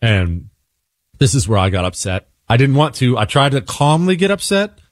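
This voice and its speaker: A man hosting a talk radio show, telling a story in a casual, self-deprecating way while a little sick and quieter than usual. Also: medium pitch, sing-song, normal speed, no echo, clean studio sound.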